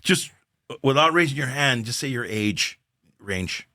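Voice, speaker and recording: A man's voice: medium pitch, a little slow, no echo, studio quality. An older man, a comedian guest on a podcast, telling stories casually and acting out the dialogue. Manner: animated storyteller acting out dialogue. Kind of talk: casual storytelling chat.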